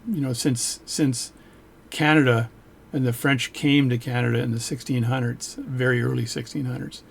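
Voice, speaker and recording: Here a watch repairer gives an offhand, meandering book review on camera, full of jokey tangents and self-interruptions. His mid-range voice is creaky and slightly rough.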